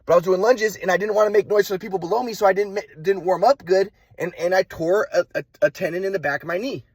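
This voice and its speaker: Husky young guy with a cold, highish voice, dry close sound, keeps restarting. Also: steady tone, no echo. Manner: repetitive, halting restarts. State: has a cold. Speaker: vlogger. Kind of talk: rambling personal monologue.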